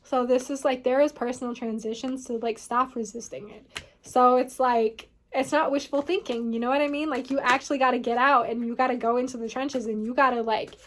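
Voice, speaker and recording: A woman's voice: high voice, steady tone, a little fast. A woman giving a casual tarot reading, rambling and filling her talk with "like" and "you know what I mean". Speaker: tarot reader.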